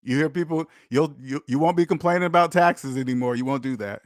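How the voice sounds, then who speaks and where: Lecturing his audience emphatically and repetitively, a man who hosts a personal finance channel gives a preachy to-camera monologue. His voice runs on the high side and fairly quick, recorded dry with no room sound.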